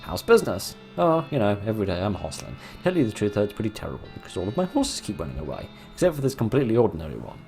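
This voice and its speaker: A man's voice: lowish voice, huge pitch swings, very fast, vocal fry, few pauses, a little mellow, soft background music, exaggerated voice. A man voicing a harried old-west stable keeper in a put-on folksy accent. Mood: hustling.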